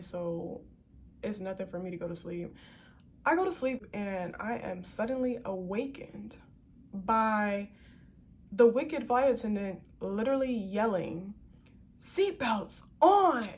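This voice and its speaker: A woman flight attendant telling a story in a casual vlog, animated and chatty with plenty of slang. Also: mid-range voice, slight background noise.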